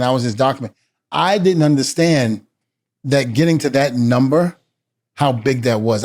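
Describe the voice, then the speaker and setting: This middle-aged ex-wrestler has a mid-range, darkish voice. Telling a story as a guest, he acts out what each person said in shifting voices, with laughs scattered throughout.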